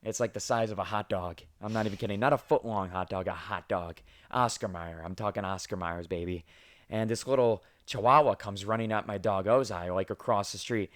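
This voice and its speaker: A man's voice: fairly low pitch, fairly quick. Swearing young man telling stories. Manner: crude, self-mocking, swears freely. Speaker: podcast host. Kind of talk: casual storytelling chat.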